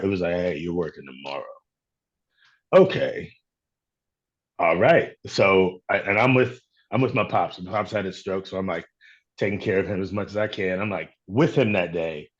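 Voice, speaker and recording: Low-voiced man recounting stories in an interview. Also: normal speed, dull audio. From Chicago. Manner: reflective, storytelling with quoted voices. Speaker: actor guest. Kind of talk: casual interview talk.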